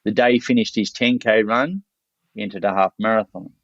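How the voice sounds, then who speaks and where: This Australian man, appearing as a podcast guest, talks in a lowish, fairly bright voice with fairly even intonation and a slightly fast pace. He tells his story bluntly and loosely, with a salty edge, captured on a dull, dry lo-fi recording.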